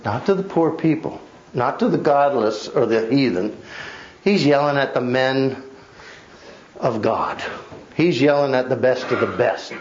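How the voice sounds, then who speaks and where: A man's voice: mid-range voice, lively intonation, a little slow, highs cut off, slight background noise. A male pastor giving a Bible study sermon, emphatic and conversational, with wry asides to his congregation. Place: church.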